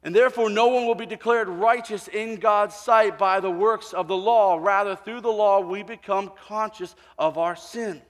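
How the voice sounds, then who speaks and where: A pastor delivers a sermon in a high, bright voice, drawing listeners in with stories where he plays every part. He drops to quiet moments and rises to near shouts. His voice rings through a big hall with a long reverb tail. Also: normal speed, hardly any pauses. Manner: animated storyteller, voicing people in his anecdotes, swinging from quiet to shouting. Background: congregation.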